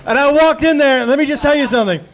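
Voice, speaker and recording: A man, a guest comedian on a live podcast, telling a comic story with a wry, drawn-out buildup to the punchlines. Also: very high-pitched. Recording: live audience laughter.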